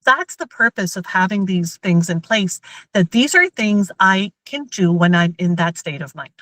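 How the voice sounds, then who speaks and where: A woman and mother giving a lively workshop talk on emotional intelligence to parents and teachers. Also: mid-range voice, normal speed, no room sound, rough recording. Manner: lively, acts out everyday scenes in quoted voices.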